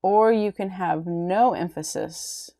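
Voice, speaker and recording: A woman lecturing on art in an unhurried, lower voice. She stops often, restarts her sentences and fills the gaps with ums. She keeps checking in with a quick "right?". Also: mellow. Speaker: art teacher. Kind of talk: recorded lecture.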